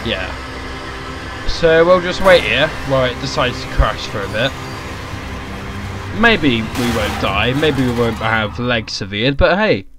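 A man's voice: mid-range voice, fairly bright tone, slight background noise. A young man giving crude, rambling let's-play commentary. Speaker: gaming YouTuber.

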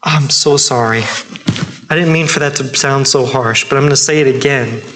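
A man's voice: mid-range voice, normal speed, a bit bright, slight background noise, poor audio. A man preaching a sermon in church, earnest and emphatic, repeating his key points. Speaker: pastor. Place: church sanctuary.

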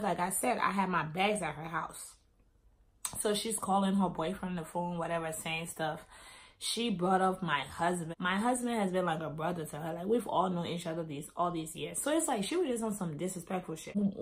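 A woman's voice: lowish voice, brisk. A young adult woman vlogger telling a personal story in a casual way, acting out the dialogue as she goes. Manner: animated, acts out quoted dialogue.

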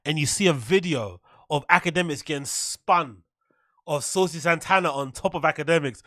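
A man's voice: on the high side, normal speed, sharp tone, no room sound, clean studio sound. A man hosting a podcast, reacting to clips with incredulous, mocking commentary and frequent laughter. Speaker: podcast host.

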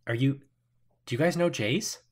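A man voicing a jumpy, foul-mouthed woman who hides with a knife and fires off shrill, panicky questions. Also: moderate pace, breathy edge, lightly acted. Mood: wary.

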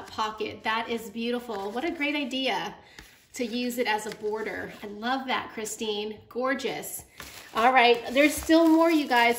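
Casting: effusive woman, bright higher voice, echoey room with faint hiss. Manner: gushing, effusive. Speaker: craft vlogger. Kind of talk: casual unboxing chat.

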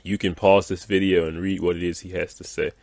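A man's voice: sits low, flat delivery, brisk, vocal fry, a little mellow, dry recording. A man ranting in a gaming video, reading out viewer comments and waving them off in an exasperated, dismissive way with lots of fillers.

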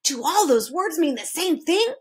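A woman's voice: sits high, sing-song, moderate pace, pitched above the performer's own voice. A woman voicing a timid, polite young boy who asks curious questions.

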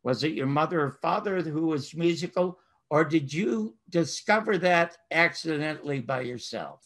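A man's voice: on the high side, expressive, normal speed, fairly bright tone. An older man hosting a talk show, asking long, effusive questions with emphatic praise. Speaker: host.

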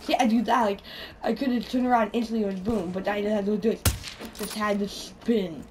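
A woman's voice: mid-range voice, moderate pace. A woman talking casually while playing an online shooter, rambling, mocking herself and swearing often. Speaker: video game player. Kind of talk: casual gameplay commentary. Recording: distant mic with steady background noise.

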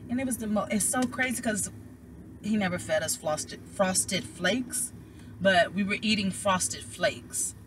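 A young woman, a tarot reader, casually telling viewers a personal story, animated and emotional, and calling them y'all. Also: medium pitch, measured pace, slight background noise.

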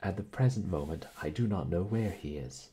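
A man's voice: low-pitched, normal speed, warm tone, slightly rough. A man reading aloud voices a stern, guarded young man who turns agitated under pressure in a storybook. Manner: stern, clipped.

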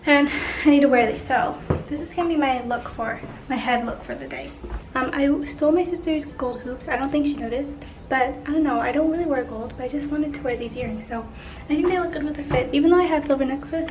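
A woman's voice: high voice, fast, dull audio. A young woman chatting casually in a vlog, upbeat and full of fillers. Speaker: vlogger.

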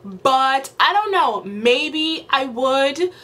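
A woman's voice: sits high, animated, drawn-out words, pushed and bright. A woman video creator delivering an exasperated, emphatic rant in a casual commentary vlog, often repeating herself for effect.

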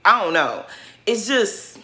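A woman's voice: medium pitch, big pitch swings, slow, sharp tone. A woman giving a casual recap of a reality TV episode, blunt and sassy, full of slang and cursing. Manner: colloquial slang-heavy talk.

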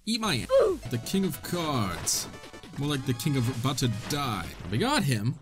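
A young man giving casual, excitable gameplay commentary, swearing and trash-talking the enemies. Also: medium pitch, measured pace, over music. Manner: excitable, profane, jokey trash talk. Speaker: gaming video host.

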